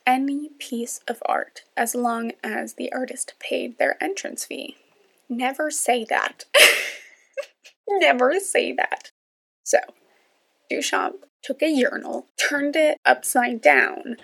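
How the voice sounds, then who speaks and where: Gravelly-voiced young woman ranting casually. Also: a little high, fairly bright tone. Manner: chatty, self-deprecating, rambling with asides. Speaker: podcast host. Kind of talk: solo casual rant.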